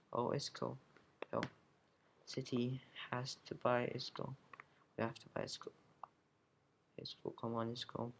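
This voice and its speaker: Recorded at home with a little hiss or hum, a teenage boy opens card packs and comments casually on his game, grumbling, swearing, and sometimes dropping to a whisper. His voice is mid-range and gravelly.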